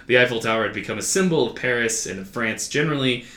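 A man's voice: medium pitch, expressive, fast, a bit bright. A man co-hosting a casual chat, reading researched notes and quotes aloud and laughing easily. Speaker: podcast co-host. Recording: roomy echo, faint background ambience.

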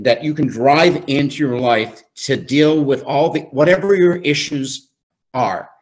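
A man speaks in an unhurried, deliberate way, leaning on repeated phrases as he reads and reflects on scripture. His voice sits at an ordinary middle pitch, and he leads a small faith-based recovery group. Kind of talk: devotional teaching.

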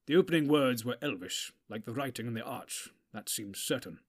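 A man voicing a proud, quick-tempered old male wizard who speaks in a commanding, testy way, in a storybook reading. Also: mid-range voice, expressive.

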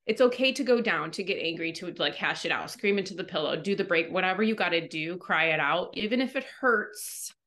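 A woman's voice: fairly low pitch, lively intonation, a little fast, hardly any pauses, fairly bright tone. A woman co-hosting a wellness podcast, talking frankly and emotionally about bad days and often acting out her own past words. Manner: frank and emotional, quoting herself dramatically. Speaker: podcast co-host. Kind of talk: candid wellness podcast chat.

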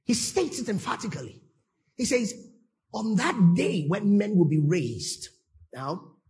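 A male pastor preaching a sermon emphatically, often exclaiming praise and checking that listeners follow. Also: a little high.

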